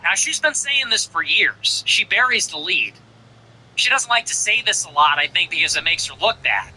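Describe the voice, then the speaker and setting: A man hosting a show, commenting on a played clip in an animated, mocking way and slowly repeating phrases. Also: high-pitched, slightly rough, low-quality recording. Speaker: show host.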